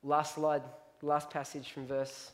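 High-voiced emphatic preacher man. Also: monotone, slow. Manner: emphatic, repeating key lines, reading scripture aloud. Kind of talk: sermon.

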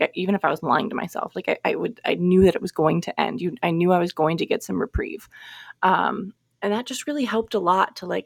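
A woman's voice: lowish voice, vocal fry, no echo. A young woman hosting a podcast alone at home, telling a personal story in a chatty, candid way with lots of "like" and restarts. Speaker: podcast host. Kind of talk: casual solo podcast storytelling. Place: home, new baby asleep on her chest.

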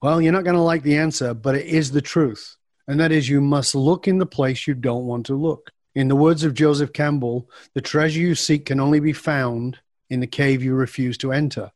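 A man's voice: medium pitch, moderate pace, dry recording, clean studio sound. A middle-aged man answering an interviewer's questions on a podcast, a coach who acts out the dialogue of his stories. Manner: animated storyteller acting out dialogue.

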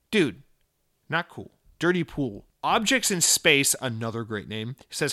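A man's voice: medium pitch, animated, normal speed, sharp tone. A man hosting a podcast, reading listener mail and answering with profane, jokey rants of mock outrage. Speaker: podcast host.

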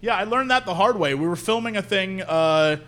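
A man co-hosting a live podcast, riffing in an animated, jokey, exaggerated way. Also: high-pitched, a little fast. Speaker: podcast co-host. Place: live venue stage.

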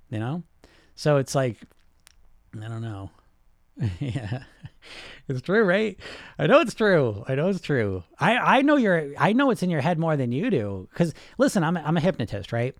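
A man hosting a podcast as a weight-loss hypnotist, giving a blunt, profane, rapid-fire motivational monologue. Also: on the high side, dry recording, clean studio sound.

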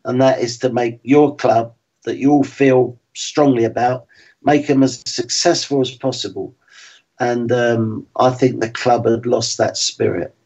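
A man in his sixties, a former footballer, talking frankly and in a measured way as an interview guest. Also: mid-range voice, steady tone, a little mellow, slightly rough. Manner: frank and plain-spoken, measured. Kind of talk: reflective interview talk. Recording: slightly dull lo-fi sound.

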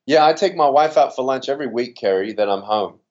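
A man's voice: medium pitch, expressive, fairly quick, darkish tone, highs cut off. A man with a slightly Americanized Australian accent, speaking earnestly and with animation as an interview guest. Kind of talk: interview conversation.

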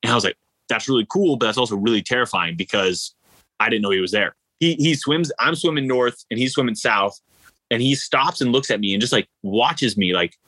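A man, an endurance athlete, telling stories in a casual interview, animated and rambling with lots of fillers. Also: medium pitch, a little fast, dry recording, rough recording. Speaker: ultra-endurance athlete guest.

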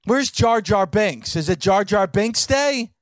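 Exasperated high-voiced male radio host. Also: expressive, measured pace, dry recording, studio quality. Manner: exasperated, mocking needling. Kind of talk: bantering radio talk.

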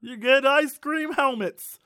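A young man chatting casually and joking as co-host, lively and animated. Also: extremely high pitch, slow pace, no room sound, studio quality. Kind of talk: casual chat.

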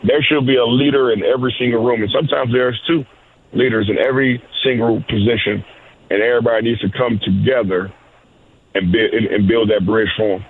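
A man's voice: medium pitch, steady tone, brisk, breathy edge. A man, a coach and guest, answering interview questions casually with lots of "you know" and repeated words. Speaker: wide receivers coach, guest. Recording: tinny phone-like line.

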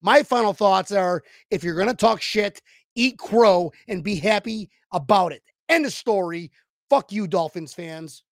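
High, gravelly man ranting. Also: measured pace, no room sound, studio quality. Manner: profane, ranting. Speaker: podcast co-host. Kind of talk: casual sports talk.

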